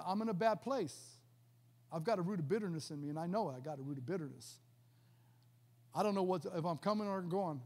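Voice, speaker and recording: A man's voice: high voice, darkish tone. A male pastor preaching a sermon, telling a personal testimony with emphatic, vivid storytelling and acted-out dialogue. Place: church sanctuary. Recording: long hall reverb.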